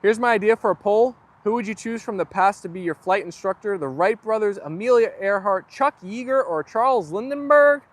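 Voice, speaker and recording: Young guy hosting a live stream, high-pitched voice, reads out chat comments, outdoors by a garden. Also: moderate pace, few pauses. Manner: chatty, reads viewer comments aloud. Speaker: livestream host. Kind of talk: casual livestream chat reading comments.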